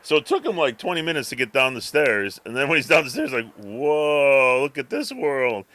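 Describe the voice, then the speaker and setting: A man's voice: mid-range voice, sing-song, fast, bright, forceful tone. A man co-hosting a podcast, telling a long, rambling story in casual chat and acting out his cat's thoughts. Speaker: podcast co-host.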